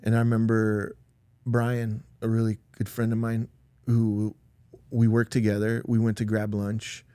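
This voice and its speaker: A man's voice: lowish voice, monotone, unhurried, mellow, clean tone, no room sound. A middle-aged man, a podcast guest, telling a personal story in a casual, rambling way full of "like" and with emotional swings.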